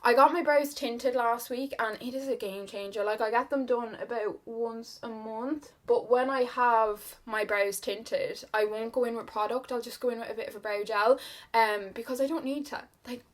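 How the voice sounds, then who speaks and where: A talkative young Irish woman with a slightly high voice, rambling and confiding as she gets ready at home. She leans on "like" and "kinda" and drifts between personal stories and makeup steps, recorded on a camera mic. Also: steady tone, normal speed. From Ireland. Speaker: beauty vlogger. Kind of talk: chatty get-ready-with-me talk.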